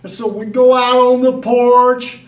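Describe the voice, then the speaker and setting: A man telling a childhood story live at a museum in a folksy, unhurried way, recorded on a distant microphone. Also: extremely high pitch, level tone, reverberant, highs cut off. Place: museum venue.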